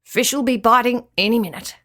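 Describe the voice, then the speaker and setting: A woman's voice: fairly high pitch, normal speed, a bit bright. A woman voicing an older grandfather who has lost his false teeth and mumbles his words in a garbled rush. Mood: easygoing. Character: frantic toothless old grandpa mumbling.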